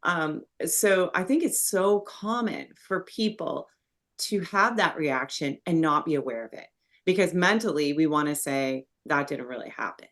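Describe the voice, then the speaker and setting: A middle-aged woman with a low voice hosts a conversational interview podcast. She explains her thoughts in a reflective way and becomes animated when she recounts a story. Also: measured pace. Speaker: podcast host.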